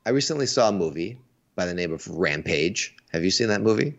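A man with a very low voice chats eagerly on a stream, stumbling and restarting his words as he gets going. The sound is dull and lo-fi. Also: lively intonation, a little fast. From United States. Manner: enthusiastic, restarts words often. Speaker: stream co-host. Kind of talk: casual chat. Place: Asia.

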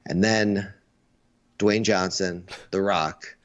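Deep-voiced guy chatting on a stream, keeps restarting words, muffled lo-fi audio. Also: steady tone, slow pace. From United States. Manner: enthusiastic, restarts words often. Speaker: stream co-host. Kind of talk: casual chat. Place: Asia. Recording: dull lo-fi sound.

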